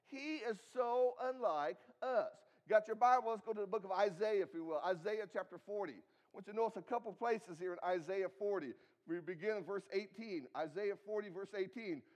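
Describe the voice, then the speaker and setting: A man preaching a sermon, reading scripture aloud and guiding listeners through their Bibles with emphatic, rising and falling delivery. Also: very high-pitched. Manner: reads scripture aloud and asks the congregation to follow in their Bibles.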